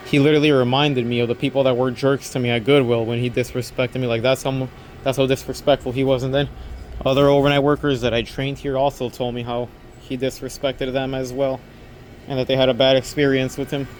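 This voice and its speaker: A man's voice: medium pitch, flat delivery, fairly quick, a little hiss or hum. A young man working an overnight store shift, talking casually to camera in a rambling, earnest way that repeats itself. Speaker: overnight convenience store clerk.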